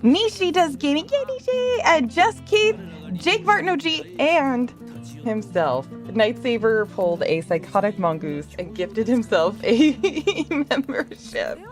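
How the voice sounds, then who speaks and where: A woman's voice: fairly high pitch, big pitch swings, unhurried, faint music behind. A woman live-streaming a game, chatting with viewers and reading chat aloud, bubbly, laughing often and swearing freely. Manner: reads chat messages aloud.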